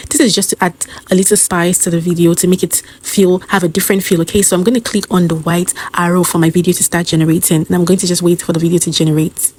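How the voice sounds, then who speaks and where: Woman explaining a tutorial, warm low voice. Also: level tone, fast talker, few pauses, a little hiss or hum. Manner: explanatory, step-by-step, with "um" fillers. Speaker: host. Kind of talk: tutorial narration.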